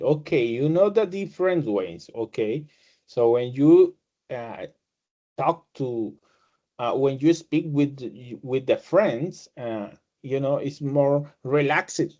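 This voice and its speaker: A man teaching English as a second language, a Spanish native speaker who explains with halting restarts and fillers, and laughs when he acts out greetings. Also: medium pitch, expressive, warm tone, lo-fi sound. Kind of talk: casual online class explanation.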